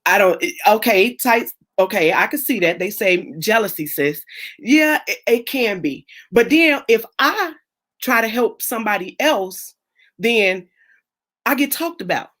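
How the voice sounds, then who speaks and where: A woman hosting a casual chat over a video call, animated and repeating herself, acting out the voices of people she quotes. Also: medium pitch, unhurried. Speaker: host of a live chat.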